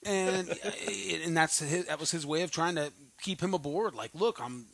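A man co-hosting a casual chat, telling excitable stories about watching a TV episode. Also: a little high, normal speed, no echo. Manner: excitable, gushing storyteller. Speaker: podcast co-host.

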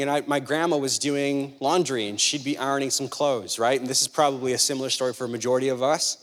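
A young adult man preaching a sermon, telling stories conversationally and driving his points home with repetition. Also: mid-range voice. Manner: conversational storytelling, emphatic repeated points. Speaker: pastor. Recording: long hall reverb.

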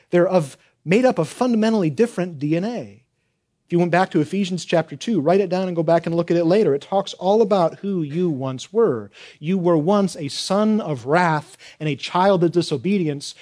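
Emphatic preaching man, higher voice. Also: mellow. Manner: emphatic preaching, rising to rhetorical questions and repeated refrains. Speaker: pastor. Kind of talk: sermon.

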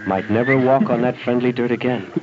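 A man reads a mock pulp space adventure in a measured storybook way. His voice sits mid-pitch. A loud hiss and clicks run under a dull, lo-fi old radio broadcast. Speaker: comedy troupe member reading aloud. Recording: noisy lo-fi 1970 radio broadcast.

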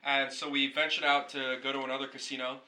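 Male podcast host, very bright timbre, loose rambling storyteller who swears casually. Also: medium pitch, level tone, quick pace, low-quality recording.

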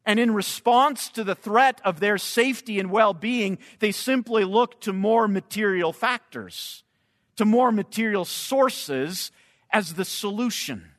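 A man preaching a sermon, slow and emphatic, sometimes repeating words as he searches for the next phrase. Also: high voice, a bit bright. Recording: long hall reverb.

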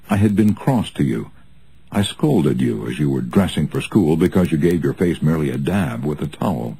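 Deep, husky male audiobook narrator. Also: warm tone, poor audio. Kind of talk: audiobook reading of nonfiction.

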